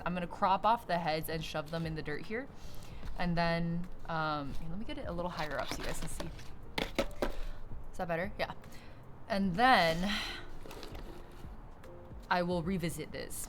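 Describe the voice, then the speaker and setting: Low voiced young woman on stream, chatty, laughs a lot, swears casually, noisy background. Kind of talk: casual chat while repotting plants. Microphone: streaming setup with a camera. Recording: steady background noise.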